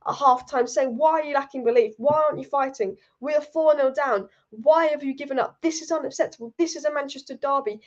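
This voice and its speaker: A young woman hosting a live-streamed football fan show rants heatedly while reading viewer comments out loud. Her voice sits high, and the stream audio sounds dull and lo-fi.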